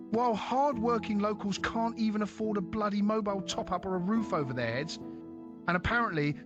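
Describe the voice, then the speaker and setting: Wry high-voiced male narrator. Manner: sardonic, wry. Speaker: compilation narrator. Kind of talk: scripted narration.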